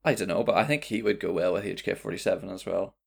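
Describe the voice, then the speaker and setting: A man's voice: deep voice, fast talker, gravelly. A man hosting a podcast, chatting casually and playfully while reading out listener suggestions. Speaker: podcast host. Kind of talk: casual chat.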